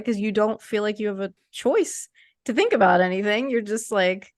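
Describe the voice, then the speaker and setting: A woman's voice: medium pitch, normal speed, no echo, clean studio sound. A woman in her thirties chatting casually as a podcast co-host, rambling with lots of filler words. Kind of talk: casual conversational chat.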